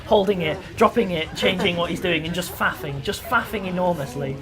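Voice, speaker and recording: A man's voice: high-pitched, brisk, music in the background. A man narrating as game master, chatty and rambling with many fillers.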